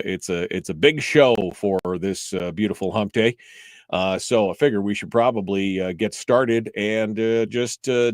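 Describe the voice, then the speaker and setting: A man hosting a talk show, speaking in a fairly low voice. He is upbeat and chatty and leans on "uh" fillers, and the sound is dry and close. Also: a little mellow, no room sound. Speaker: radio show host.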